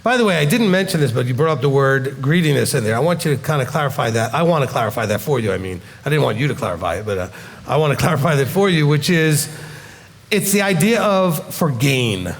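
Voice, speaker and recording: A man's voice: mid-range voice, expressive, fast talker. A man teaching in a question-and-answer session. He explains patiently and often checks in with "okay?". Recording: long hall reverb.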